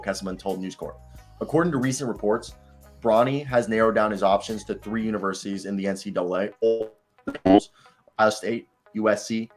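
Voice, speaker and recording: A young man co-hosting a basketball show, reading news and chatting casually, excitable and swearing freely. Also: fairly low pitch. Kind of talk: casual sports talk, reading news aloud.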